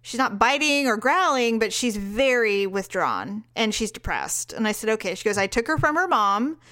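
A woman co-hosting a casual talk show, telling a story with lively quoted dialogue and frequent laughter. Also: fairly high pitch, moderate pace. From California. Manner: animated, laughs often, acts out quotes. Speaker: podcast co-host.

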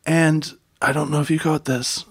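A man co-hosting a podcast, trading jokes in loose, irreverent chat. His voice sits a little high for a man. He swears freely and riffs on the episode. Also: little pitch movement, moderate pace, vocal fry, slightly rough. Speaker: podcast co-host. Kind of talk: casual chat recapping a TV episode.

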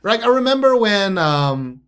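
Animated, swearing young man chatting. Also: sits high, measured pace, clean tone. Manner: animated, swears, mock rants. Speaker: co-host reviewing music videos. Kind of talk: casual chat.

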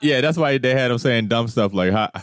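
A man's voice: medium pitch, brisk, no echo, clean studio sound. A man co-hosting a podcast in casual chat, joking and acting out movie scenes. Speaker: podcast co-host.

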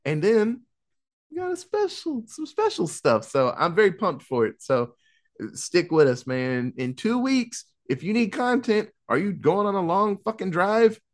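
A man's voice: high voice, normal speed. A man hosting a casual podcast, swearing often and rambling as he wraps up the show. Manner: profane, rambling, animated. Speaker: podcast host. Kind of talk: casual chat.

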